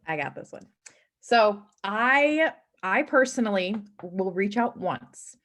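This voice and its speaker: A woman's voice: medium pitch, lively intonation, slow, fairly bright tone. A woman on a team video call earnestly sharing advice, with frequent fillers and restarts.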